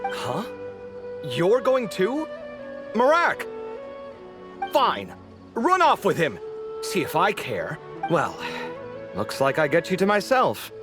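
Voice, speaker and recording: A man's voice: high voice, full character voice. A theatrical friendly young man. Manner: expressive, theatrical, quick to bicker. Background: game music.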